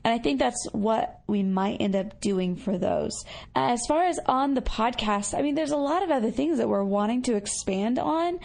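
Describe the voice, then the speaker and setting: A woman's voice: a little high, animated, moderate pace, creaky, darkish tone. A woman co-hosting a podcast, answering listener messages in a casual, chatty way with lots of fillers. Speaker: podcast co-host.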